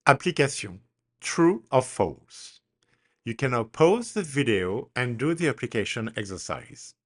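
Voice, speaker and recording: A man teaching French pronunciation, speaking deliberately and spelling words out letter by letter in a slow drill. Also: mid-range voice, very animated.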